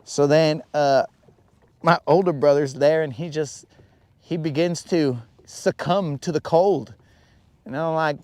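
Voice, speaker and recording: A man hosting a fishing livestream, telling a long rambling story and acting out quotes in a higher voice. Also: measured pace, a little mellow, dry recording. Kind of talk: casual storytelling while fishing. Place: out on a lake, on a boat.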